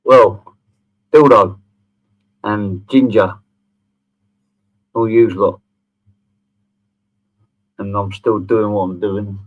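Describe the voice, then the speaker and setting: A man's voice: fairly low pitch, fairly even intonation, slow, long pauses, a little mellow. A middle-aged man, hosting a sarcastic response video, sneering and swearing freely. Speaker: channel host. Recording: tinny phone-like audio.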